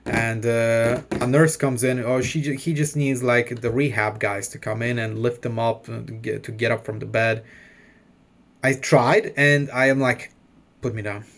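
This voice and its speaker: A vlogger in his thirties tells a long personal story in a loose, rambling style, packed with "like," other fillers, and swearing. His medium-pitched voice is fairly bright, fairly even in intonation, and unhurried.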